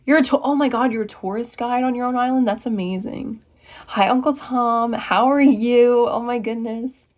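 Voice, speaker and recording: A woman's voice: a little high, normal speed, a little mellow. A young woman from the United States hosting a casual livestream, bubbly and answering viewer comments as she reads them aloud. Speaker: livestream host.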